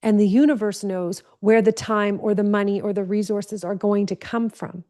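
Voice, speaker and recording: A woman's voice: medium pitch, steady tone, moderate pace, warm tone. A woman giving an earnest spiritual teaching talk, stressing points by repeating phrases.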